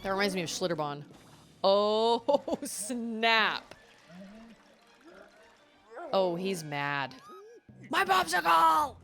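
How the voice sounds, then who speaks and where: A woman's voice: medium pitch, lively intonation, drawn-out words, long pauses, fairly bright tone. A woman streaming a video game and chatting casually as she plays, often exclaiming and laughing. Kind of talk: casual let's-play commentary. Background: faint game music.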